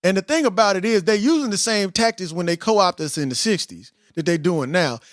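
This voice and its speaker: A man in his forties hosting a casual podcast discussion, animated and quoting books at length. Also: sits high, brisk, no room sound, studio quality. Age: 40s. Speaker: podcast host.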